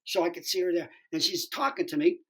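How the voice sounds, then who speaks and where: A man, a stand-up comedian guesting on a podcast, telling an animated, profane anecdote and acting out the people in it. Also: sits high, fast, husky. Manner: profane, acts out the dialogue in his story.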